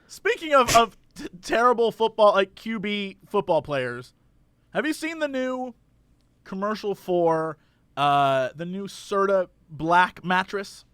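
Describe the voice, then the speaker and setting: Very high-voiced, bright male co-host. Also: takes it slowly, clear, resonant tone, no room sound. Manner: animated, silly, jokey storytelling. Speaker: podcast co-host. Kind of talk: casual comedic podcast chat.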